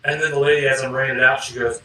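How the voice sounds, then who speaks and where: A man's voice: mid-range voice, racing. Man in an echoey room, rambling chat. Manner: relaxed, rambling, gropes for words. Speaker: podcast co-host. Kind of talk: casual chat. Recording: roomy, mic a bit distant.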